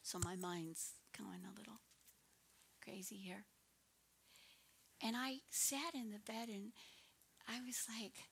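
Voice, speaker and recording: A woman in her sixties giving an earnest personal testimony as a minister, often dropping into a soft, breathy near-whisper. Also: on the high side, unhurried, pauses often.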